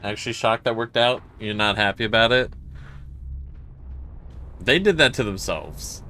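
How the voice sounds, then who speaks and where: A man's voice: fairly low pitch, lively intonation, a little slow, pushed and bright. A man streaming a horror game live, talking frankly and swearing as he mulls over a confusing match. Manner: frank, swearing, puzzled and self-critical. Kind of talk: casual gameplay commentary.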